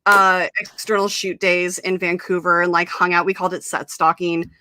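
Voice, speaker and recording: A young woman hosts a live-streamed chat and tells a long story in a bright, crisp voice. Her delivery is animated, full of fillers, and broken up by laughter. The sound is dry and close. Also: fairly low pitch, normal speed, no room sound. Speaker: host. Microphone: live stream mic.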